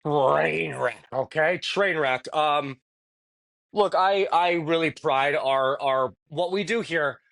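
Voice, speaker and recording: A man's voice: on the high side, takes it slowly, vocal fry, fairly bright tone. Rambling man co-hosting a podcast. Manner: rambling, lots of filler and restarts; swears casually. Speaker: podcast co-host. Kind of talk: casual chat.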